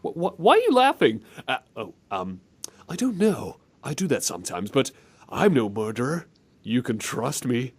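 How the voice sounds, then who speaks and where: A man's voice: mid-range voice, wildly swooping pitch, moderate pace, slightly rough. A man co-hosting a casual comedy chat, playful and prone to breaking into silly voices. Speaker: podcast co-host.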